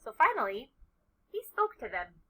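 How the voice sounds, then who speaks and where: A woman preschool teacher reading a picture book aloud to children, dropping to whispers for suspense and getting loud for emphasis. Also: on the high side, very animated, moderate pace, poor audio. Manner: dramatic, with hushed asides and loud emphasis.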